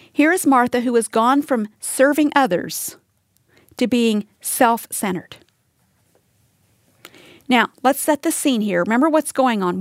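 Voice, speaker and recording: A woman's voice: on the high side, dry recording, clean studio sound. A woman giving a conversational Bible teaching to women listening, earnest and direct, asking them questions. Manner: earnest, talks straight to listeners with rhetorical questions.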